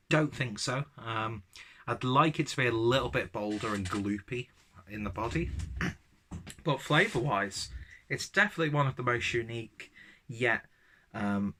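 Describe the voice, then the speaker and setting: A man talks through a beer tasting in a casual, rambling way, full of ums and self-mocking jokes. His voice sits a little low but sounds bright and forceful. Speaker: beer reviewer.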